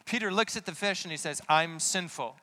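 A man's voice: sits high, fast, bright, forceful tone. A man giving a conversational sermon, asking many rhetorical questions. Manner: casual, full of rhetorical questions. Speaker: preacher.

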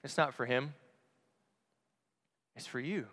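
A priest giving an earnest Christmas homily, asking rhetorical questions and dropping softly on key phrases. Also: male voice, mid-range voice, slow pace. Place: church. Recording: long church reverb.

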